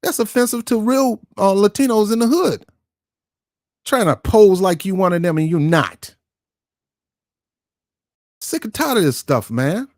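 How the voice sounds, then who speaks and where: A man's voice: high voice, animated, normal speed, pauses often, dry recording, clean studio sound. A man hosting his own online show, giving ranting political commentary in an emphatic, confrontational way and repeating words for stress. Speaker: YouTube commentary host.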